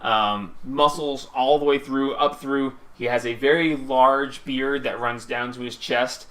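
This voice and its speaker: A man's voice: mid-range voice, fairly even intonation, unhurried, fairly bright tone. A man running a tabletop game as game master, describing the scene in a rambling way with many fillers.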